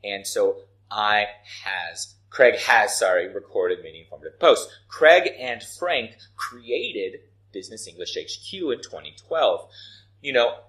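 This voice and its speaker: A man's voice: fairly low pitch, lively intonation, unhurried, a bit bright, low-quality recording. A man teaching business writing, explaining grammar with worked examples and often checking in with "right?" and "okay?". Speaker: English teacher.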